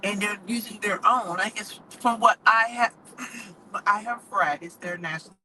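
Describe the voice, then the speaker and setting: A woman giving her opinions in a casual monologue; outspoken and animated, she laughs often and keeps coming back to rhetorical questions. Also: mid-range voice, moderate pace, poor audio. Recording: steady background noise with passing traffic.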